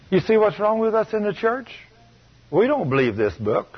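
A man's voice: a little high, sing-song, brisk, slightly rough. A man preaching a sermon at a healing school, telling stories in a folksy, emphatic and insistent way. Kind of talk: sermon with retold anecdote. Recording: muffled lo-fi recording.

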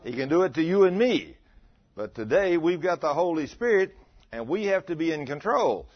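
A man in his fifties preaching a storytelling sermon, animated and acting out the dialogue. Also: on the high side, normal speed, breathy edge. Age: 50s. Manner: animated, acts out dialogue, laughs with listeners. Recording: dull lo-fi recording.

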